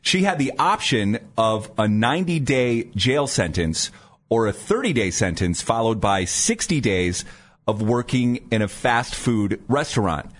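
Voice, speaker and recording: Lively-voiced man co-hosting morning radio. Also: medium pitch, a little slow. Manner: playful, jokey, reads station liners. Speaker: radio morning show co-host. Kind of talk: casual radio banter. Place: radio studio.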